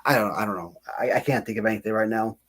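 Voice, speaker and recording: A man's voice: on the low side, fast talker, fairly bright tone, slightly rough. A man in his thirties hosting a casual livestream, rambling and laughing at himself between stories. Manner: rambling, self-mocking, laughs often, many restarts. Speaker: channel host.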